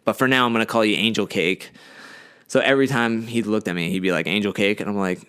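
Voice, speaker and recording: Young male podcast co-host, slightly low voice, loose and rambling storyteller. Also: fast, clean tone. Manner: rambling, animated retelling with acted-out quotes. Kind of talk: casual storytelling.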